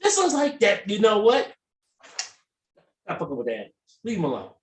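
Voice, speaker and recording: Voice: medium pitch, moderate pace, far from the mic. A podcast co-host in casual chat, telling stories with lots of swearing and acting out the voices of the people he quotes. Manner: animated storyteller, acts out quoted voices, swears freely. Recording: roomy echo, somewhat off mic.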